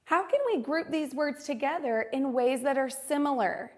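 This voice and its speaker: A woman teaching a phonics lesson to young children, modeling each word carefully and slowly. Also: sits high.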